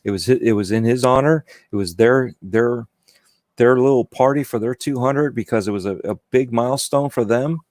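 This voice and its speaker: A man's voice: medium pitch, normal speed, darkish tone, no echo, studio quality. A man talking as a guest on a casual podcast, rambling and repeating himself with many "you know"s. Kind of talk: casual chat.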